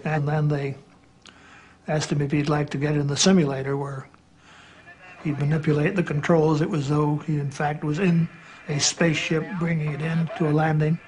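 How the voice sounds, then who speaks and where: A man recalling events in an interview, hesitant, with pauses and fillers. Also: fairly high pitch, flat delivery, darkish tone, slight background noise.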